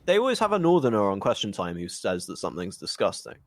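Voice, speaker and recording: A man co-hosting a podcast, delivering absurd jokes in a deadpan, mock-serious casual chat. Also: fairly low pitch, fast talker, crowd noise. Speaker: podcast co-host.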